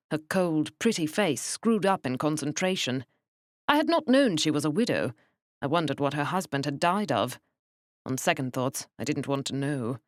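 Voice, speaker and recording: A woman narrating an audiobook in a measured, wry first-person manner. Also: deep voice, no room sound, studio quality.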